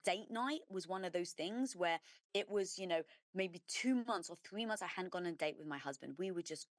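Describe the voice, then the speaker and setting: A middle-aged entrepreneur woman, a guest on an interview show, telling her story with emphasis and lively detail. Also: on the low side, moderate pace, no room sound, studio quality. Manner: emphatic and animated, acting out her own past thoughts.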